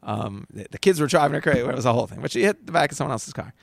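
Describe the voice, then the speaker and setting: A man's voice: medium pitch, racing, gravelly, dry recording, studio quality. A man who teaches as a rabbi, giving casual spoken advice and acting out the people in his stories with frequent restarts. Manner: animated storyteller acting out quotes, many restarts.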